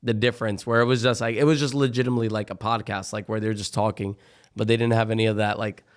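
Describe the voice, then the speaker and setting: A young man, a podcast guest, talking casually with lots of fillers and animated retellings of what people said. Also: on the low side, fast, smooth. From Florida. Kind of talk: casual chat.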